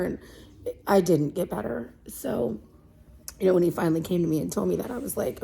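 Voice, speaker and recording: A woman in her thirties, a mom sharing a personal story in a candid, halting way, with many fillers and restarts. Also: lowish voice, creaky, warm tone, slightly rough. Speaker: mom vlogger. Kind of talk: personal confessional chat.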